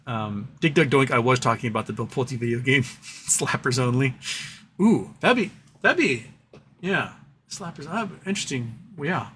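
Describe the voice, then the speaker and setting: A man's voice: medium pitch, lively intonation, normal speed, fairly bright tone, a little hiss or hum. A man hosting a casual livestream, reading chat aloud and rambling between topics. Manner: rambling, reads chat aloud, baby-talks to his cat. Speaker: livestream host.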